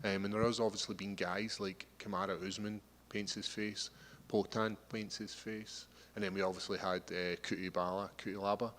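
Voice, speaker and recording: A man's voice: on the low side, flat delivery, moderate pace, a bit bright, slight background noise. A Scottish man in his thirties, a fighter answering media questions with easygoing, rambling talk full of restarts. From Scotland. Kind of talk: casual interview answers. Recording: long hall reverb.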